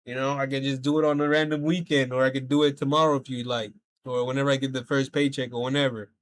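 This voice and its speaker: A man's voice: medium pitch, little pitch movement, fast. A man streaming a game, telling a rambling story in casual chat, swearing a lot and saying "bro" and "like" every few words.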